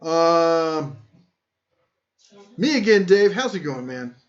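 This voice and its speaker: A man's voice: on the high side, animated, slow pace. A man hosting a casual tool-talk live stream, rambling and joking at his own expense as he reads chat. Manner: rambling, joking, self-deprecating. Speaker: tool channel host. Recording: muffled lo-fi stream audio.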